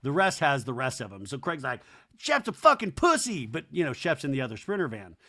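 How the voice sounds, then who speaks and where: A man's voice: mid-range voice, lively intonation, fairly bright tone. A man hosting a podcast, recapping a reality show with gossipy jokes and asides. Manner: gossipy, joking, quick asides. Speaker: podcast host.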